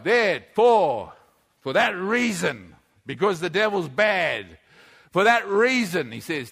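A man preaches with rising energy, calling out lines for his congregation to echo back and raising his voice to a shout. His voice sits high for a man and has a bright, forceful edge. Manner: energetic, leads call-and-response, often shouting. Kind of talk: sermon with congregation participation.

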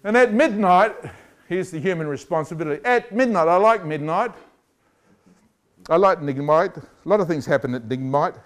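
Lively high-voiced male preacher. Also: normal speed. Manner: animated, jokey, acts out voices. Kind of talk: lively sermon.

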